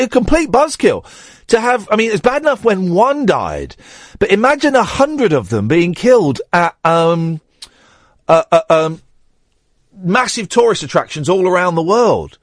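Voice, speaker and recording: Rambling radio host, lively pitch. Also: male voice, no echo, studio quality. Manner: rambling, self-deprecating storytelling with many restarts. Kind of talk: late-night radio monologue.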